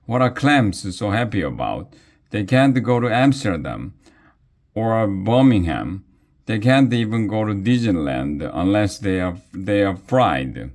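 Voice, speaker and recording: A man's voice: fairly low pitch, sing-song, measured pace, a little mellow. Man putting on a brash rapping mouse mascot. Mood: rapping boastfully. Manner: rhythmic, rapping. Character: brash male rapper in a mouse costume, bad rhymes.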